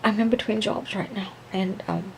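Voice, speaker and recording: A woman voicing an emotional young woman who talks in halting, fretful bursts and repeats her words. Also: mid-range voice, steady tone, vocal fry, a little hiss or hum, close to an everyday voice, low-quality recording.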